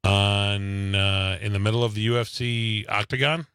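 A man's voice: fairly low pitch, little pitch movement, moderate pace, fairly bright tone, clean tone, no echo, studio quality. A man co-hosting a podcast, bantering casually in a jokey, playful way. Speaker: podcast co-host.

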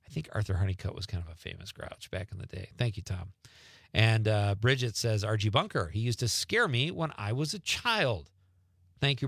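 A man's voice: dry recording, studio quality. A middle-aged man hosting a casual call-in radio show, reading listener texts with playful asides and chuckles. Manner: animated, chuckling, swings between playful asides and low murmurs. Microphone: studio radio mic.

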